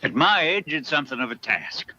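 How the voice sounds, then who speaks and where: A man's voice: fairly high pitch, big pitch swings, brisk, pushed and bright, heavily acted. An actor playing a smug, self-righteous male plantation owner who prays aloud in a dubbed film. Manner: self-satisfied, preaching prayer. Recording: dull lo-fi film audio with noise.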